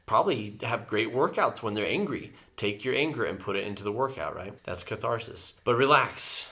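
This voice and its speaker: A man's voice: fairly low pitch, animated, moderate pace, a bit bright. A man, a therapist hosting his channel, talking through conflict steps in an earnest, explanatory way. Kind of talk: reaction video commentary, advice.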